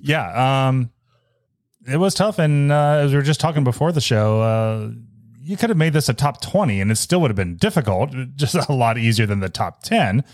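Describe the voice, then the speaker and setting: A man's voice: medium pitch, lively intonation, moderate pace, no room sound. Chatty male podcast host, dry sound. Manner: chatty, laughs often, many fillers. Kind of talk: casual chat.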